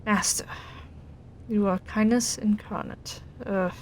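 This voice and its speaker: A woman's voice: medium pitch, steady tone, slow pace, a little mellow, a little hiss or hum, natural voice. A woman voicing a sly, bloodthirsty female spirit servant in whispered role-play.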